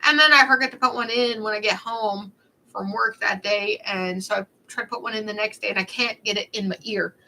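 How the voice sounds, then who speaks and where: A woman's voice: medium pitch, steady tone, a little fast, sharp tone, rough recording. A young woman chatting casually on a livestream, telling rambling stories in a snarky, talkative way.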